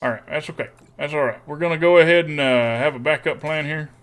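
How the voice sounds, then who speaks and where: A man comments on his card game live, talking in a put-on folksy country twang. His voice sits fairly high for a man. He keeps slipping joking, self-deprecating asides in between plays. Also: fast, fairly bright tone, clean tone. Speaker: streamer.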